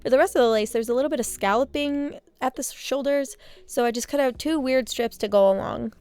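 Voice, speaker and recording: A young woman narrating a sewing vlog in a casual voice-over, with deadpan, self-mocking jokes. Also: high-pitched, brisk, clear, resonant tone, faint music behind. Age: young adult. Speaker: sewing vlogger.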